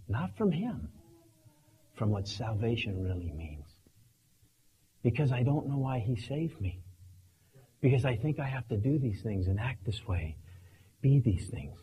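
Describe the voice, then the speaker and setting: A man preaching a sermon, acting out his points dramatically, swinging from hushed tones to shouting. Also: medium pitch, highs cut off, slight background noise. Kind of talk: sermon with acted illustration.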